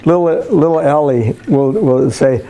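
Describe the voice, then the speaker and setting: An older man speaks to a class of students, slightly high in pitch for a man. He tells homespun stories, stopping and restarting with plenty of fillers. His talk is easygoing and motivational. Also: measured pace, mellow. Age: 60s. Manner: folksy storytelling with frequent fillers and restarts. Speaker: guest speaker, school counselor.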